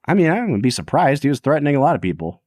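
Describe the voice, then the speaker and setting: Casual male podcast co-host, animated and playful, dry booth sound. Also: on the high side, rapid-fire, no room sound. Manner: animated, jokey, laughs often.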